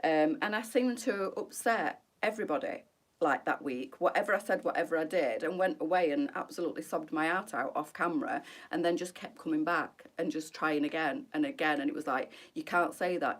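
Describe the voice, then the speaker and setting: Candid middle-aged woman, low voice. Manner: candid and emotional, answering viewer comments by name. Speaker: boutique presenter on a live stream. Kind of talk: chatty live stream talking to viewers.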